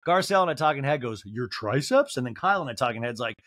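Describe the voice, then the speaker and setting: A campy male podcast host telling a gossipy comic recap with quick storytelling. His voice is bright and very animated and sits a bit high for a man. The recording is dry and close. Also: no echo.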